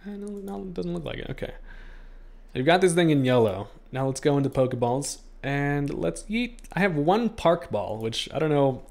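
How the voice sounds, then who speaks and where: Gravelly young man doing playful game commentary. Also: on the high side, lively intonation, normal speed, a little mellow. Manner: playful, talks to the creatures he catches. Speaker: gaming streamer. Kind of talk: casual let's-play commentary.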